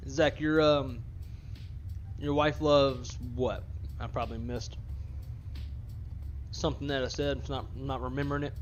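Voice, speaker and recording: Male streamer, easygoing and chatty, medium pitch, muffled lo-fi sound. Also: fairly even intonation, measured pace, long pauses, slight background noise. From northern Louisiana. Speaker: flight sim streamer. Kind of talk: casual stream chat. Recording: dull lo-fi stream audio.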